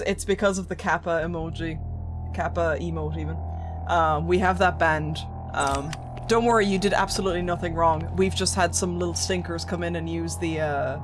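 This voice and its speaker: Streamer, casual live commentary, rambling and chatty, mid-range voice over background music. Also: mid-range voice. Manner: chatty, rambling, reacts to chat. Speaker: gaming streamer.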